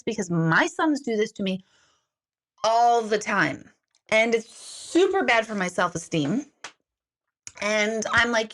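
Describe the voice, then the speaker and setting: A middle-aged woman hosts a livestream from her home, her voice sitting a little on the high side. She rambles in a chatty, self-mocking way and talks straight to her viewers. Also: fairly bright tone. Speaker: host of an intuitive reading livestream. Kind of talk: casual livestream chat.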